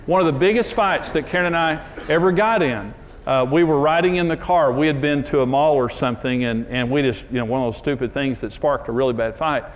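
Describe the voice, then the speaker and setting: A man's voice: a little fast, slight background noise. A man giving a conversational sermon on marriage, earnest and emphatic, telling stories about himself with self-deprecating candor. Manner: earnest, emphatic storytelling with sudden pitch jumps. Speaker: marriage teacher and TV host.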